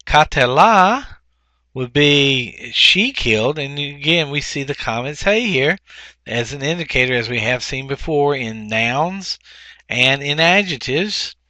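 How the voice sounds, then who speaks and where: Male teacher for a recorded lesson: clear, bright tone, dry close sound, patient explaining with ums. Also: mid-range voice, no room sound. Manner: explanatory, with frequent ums and restarts; slows to sound out words. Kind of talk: recorded grammar lesson over slides.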